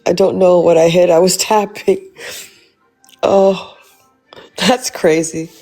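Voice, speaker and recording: A woman's voice: on the low side, fairly even intonation, takes it slowly, dark tone, faint music behind. A woman hosting a casual livestream, blunt and swearing freely as she asks rhetorical questions. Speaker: livestream host.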